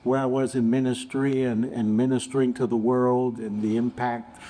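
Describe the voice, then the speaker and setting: A man in his seventies, a bishop on a panel, telling a story in an unhurried, reflective way. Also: medium pitch, flat delivery, dark tone. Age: 70s. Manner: unhurried, reflective, acts out quoted voices.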